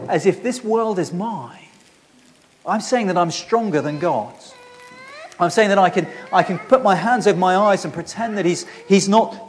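Earnest preacher, high voice. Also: male voice, slight background noise. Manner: earnest and conversational, with frequent restarts. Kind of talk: sermon.

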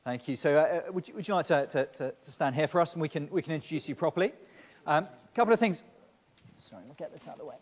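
Male pastor, somewhat high-pitched, preaching in a church with long reverb, stop-start repetitions. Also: animated, fast. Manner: repeats words at the start of phrases; speaks directly to the children. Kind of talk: sermon.

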